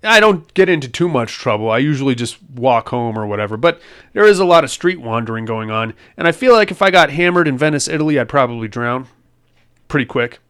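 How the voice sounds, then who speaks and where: A man's voice: medium pitch, a bit bright, clean tone. A man hosting a podcast, casually recapping a film in a rambling, crude and joking way. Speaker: podcast host.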